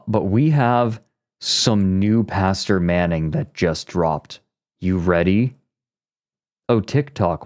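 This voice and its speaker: Lively, bouncy male streamer. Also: sits low. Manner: jokey, reacts out loud, reads from a page. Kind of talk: casual livestream chat. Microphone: streaming mic.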